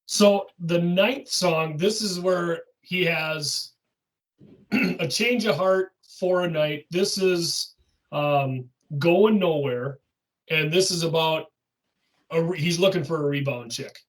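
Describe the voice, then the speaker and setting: A man co-hosting a podcast in casual chat, walking through an album song by song and dropping quick agreeing words. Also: fairly high pitch, recorded from a distance, poor audio. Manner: walks through songs one by one, agreeable interjections. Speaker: podcast co-host.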